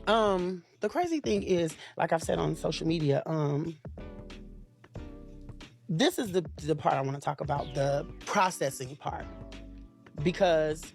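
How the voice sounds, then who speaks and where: A man giving an interview, emotional and halting, often restarting and repeating himself. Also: a little high, creaky, soft background music. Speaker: interview guest.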